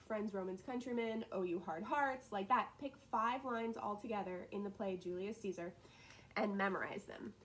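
A woman teacher talking through class assignments in a casual, upbeat way, with frequent laughs and quick asides. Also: fairly high pitch, poor audio. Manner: chatty and upbeat, laughs often, drops into asides. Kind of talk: casual recorded lesson walkthrough.

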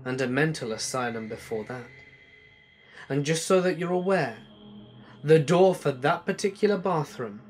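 Slow, hushed male horror narrator. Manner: slow, hushed storytelling that drops low at the ends of lines.

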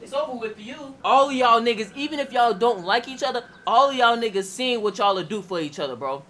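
Young male gaming host; high, very lively delivery, loud repetitive outbursts, slightly distant mic. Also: fairly quick. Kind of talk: reacting to a video game.

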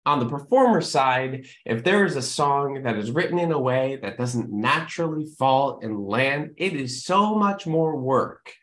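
Lively, echoey man teaching songwriting. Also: medium pitch, unhurried, hardly any pauses. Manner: lively, emphatic, often checks in with the viewer. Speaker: musical theatre writer teaching songwriting. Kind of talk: educational talk to camera. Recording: echoey room.

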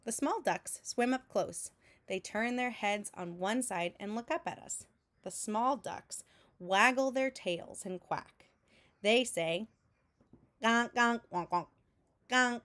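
A woman teacher reading a picture book aloud to children in a slow, clear storytelling manner, making sound effects with her voice between lines. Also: medium pitch, a bit bright. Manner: adds vocal sound effects between narration.

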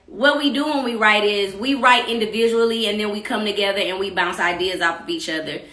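A woman from Texas, chatting casually on her own stream with rambling asides and shout-outs to viewers. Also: medium pitch, fairly quick, echoey room. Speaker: singer hosting a live stream about her EP. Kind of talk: casual chat.

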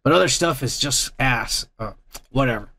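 Profane gravelly man hosting a livestream. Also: mid-range voice, animated, normal speed, bright, forceful tone, a little hiss or hum. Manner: profane, rambling, blunt. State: drinking. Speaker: host. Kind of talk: casual livestream chat reading chat messages.

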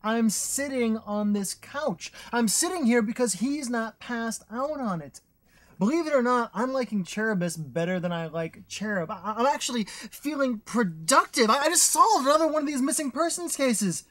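Brief: wisecracking coworker with a lively, bouncy voice, played by a woman. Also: fairly high pitch, normal speed, natural voice. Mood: playful. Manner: sarcastic, playful. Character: lazy, sarcastic office coworker.

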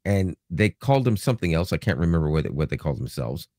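Man from Canada, very deep voice, dry close sound, rambling joking podcast talk. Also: quick pace, dry recording. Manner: rambling, joking, animated storytelling. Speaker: podcast co-host. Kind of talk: casual chat.

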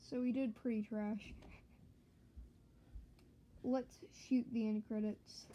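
A fairly high-voiced woman streams a fighting game, chattering and joking straight to her viewers. She gets excitable, shouting at enemies between casual asides, with a faint noise under her voice. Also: slow, rough recording. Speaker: gaming channel host. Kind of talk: let's-play commentary.

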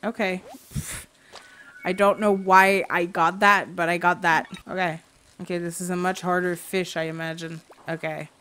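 A woman's voice: fairly low pitch, level tone, moderate pace, bright, forceful tone, smooth. A woman giving casual gameplay commentary, rambling, sarcastic and swearing often. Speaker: gaming youtuber. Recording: faint background music.

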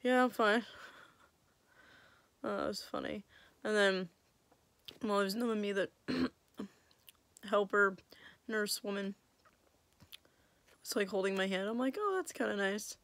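A woman's voice: mid-range voice, slow pace, creaky, long pauses, fairly bright tone, no room sound. A young woman vlogger telling a story in a casual, chatty way, laughing often and quoting her own thoughts. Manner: chatty, self-mocking, laughs often, quotes herself.

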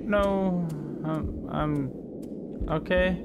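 A man's voice: sits high, very slow, creaky, phone-quality sound, background noise. A man commentating a horror game he is playing, reacting on the spot and repeating short phrases over and over. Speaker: gamer.

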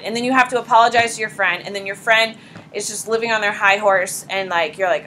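A pregnant woman teaching a high school psychology class in a casual, blunt lecture style, talking straight to her students. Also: fairly even intonation, fairly quick, pushed and bright, slight background noise, rough recording.

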